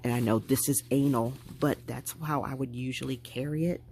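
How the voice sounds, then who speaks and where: Woman vlogger, low raspy voice, chatty and animated, faint room noise. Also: moderate pace. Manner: chatty, animated, talking to viewers while packing a bag. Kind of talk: casual chat.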